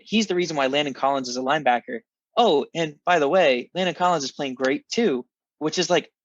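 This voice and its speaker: A man's voice: fairly high pitch, a bit bright, no room sound, lo-fi sound. A man co-hosting a casual sports podcast, ranting with wry self-mocking humor. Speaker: podcast co-host, football fan.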